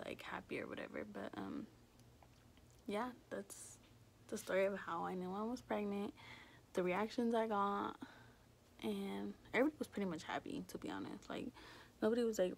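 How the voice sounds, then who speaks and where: A young woman vlogger casually telling a story at home, chatty and animated, full of fillers. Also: mid-range voice, normal speed, vocal fry, long pauses, slight background noise. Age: young adult.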